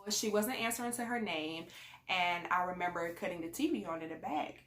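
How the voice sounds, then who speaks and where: A woman with a lower voice chats casually in a vlog. She rambles through her advice in a conversational way. Her voice bounces around an echoey room. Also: brisk, a bit bright. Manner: chatty and conversational, rambling with fillers. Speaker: parent sharing advice on a channel.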